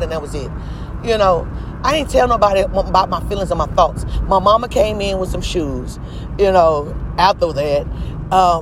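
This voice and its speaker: High-voiced, emphatic young man. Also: noisy background. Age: 20s. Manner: emphatic, profane, preachy storytelling. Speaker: vlogger. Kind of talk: casual testimony monologue.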